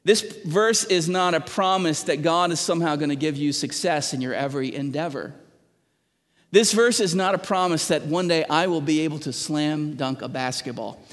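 Middle-aged pastor guy preaching, kinda high voice for a man, long echo from a big church hall. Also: moderate pace. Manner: earnest preaching with frequent restarts, asks the congregation questions. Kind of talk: sermon.

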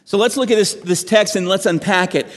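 High-voiced man preaching in a reverberant hall. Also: fairly quick. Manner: animated, emphatic preaching with restarts. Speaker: pastor. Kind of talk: sermon. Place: church.

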